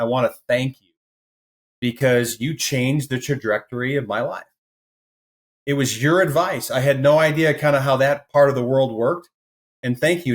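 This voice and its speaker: Animated male storytelling guest. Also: medium pitch. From American Midwest. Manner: animated storyteller who acts out quoted voices. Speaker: podcast guest. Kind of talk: storytelling in an interview.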